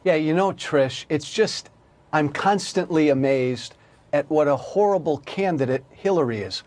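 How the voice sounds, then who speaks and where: A man's voice: fairly high pitch, a little slow, darkish tone. A man and former congressman giving opinionated, emphatic commentary on a news panel.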